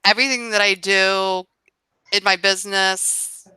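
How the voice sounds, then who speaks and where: A woman's voice: medium pitch, steady tone, unhurried, pushed and bright, clear, resonant tone, dry recording. A woman co-hosting a podcast over a remote call, chatting casually and rambling with frequent laughs. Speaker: podcast co-host and online reseller. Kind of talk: casual chat.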